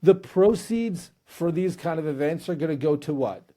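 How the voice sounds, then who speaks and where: A man's voice: on the high side, expressive, normal speed, warm tone. A male podcast host interviewing guests, telling a humorous story with casual restarts.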